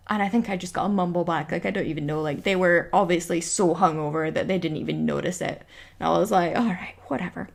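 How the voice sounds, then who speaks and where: A woman's voice: on the low side, animated, brisk, vocal fry. A young woman telling a story on her vlog, exasperated and giggly, acting out what everyone said. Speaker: vlogger.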